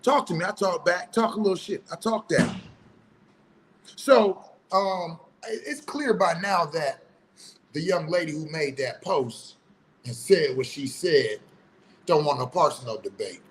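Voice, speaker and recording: Man, heated opinion monologue, preachy, colloquial, slightly high voice, faint background noise. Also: expressive, a little slow, poor audio. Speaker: online commentator.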